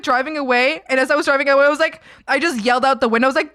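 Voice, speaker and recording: A woman's voice: sits high, steady tone, very fast, few pauses, pushed and bright, no echo, clean studio sound. A young woman streamer telling her chat a story in a rambling way, full of "like" and restarts.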